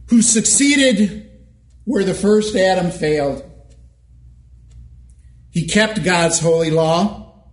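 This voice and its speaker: A male pastor preaching a sermon in a church, measured and emphatic, asking rhetorical questions. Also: sits high, a little mellow, roomy sound.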